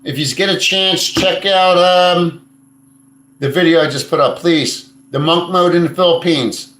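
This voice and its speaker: A man's voice: fairly high pitch, unhurried, fairly bright tone. A man hosting a casual live stream, answering viewer comments in a blunt, crude and rambling way, swearing freely. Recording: echoey room.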